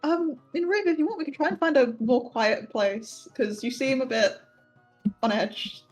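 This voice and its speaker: A woman's voice: sits high, normal speed, a little mellow, faint music behind. A young woman playing in a tabletop game, eager and giggly. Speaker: player. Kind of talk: tabletop role-play chat.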